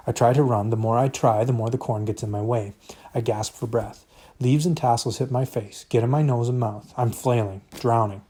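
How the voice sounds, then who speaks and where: A man's voice: medium pitch, steady tone, normal speed, mellow, husky. A man reading a novel aloud, narrating expressively in the first person. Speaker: reader.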